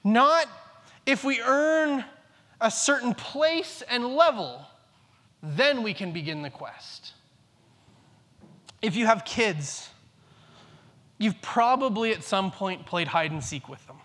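A man's voice: sits high, animated, slow pace, long pauses, a bit bright. A man in his thirties preaching a sermon, earnest, repeating key phrases for emphasis. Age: 30s. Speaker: pastor. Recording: long reverb in a large hall.

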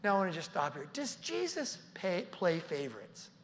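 A man preaching a sermon as a pastor, telling the story vividly and dropping at times to a hushed near-whisper. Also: high-pitched, wildly swooping pitch, moderate pace, a little hiss or hum. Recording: reverberant hall.

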